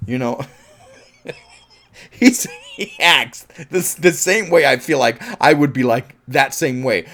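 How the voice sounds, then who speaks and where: A man's voice: medium pitch, slow pace. A man giving a casual, rambling film review. He swears freely, laughs, and trips over his words as he goes. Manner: rambling and animated, swears often, laughs, restarts a lot.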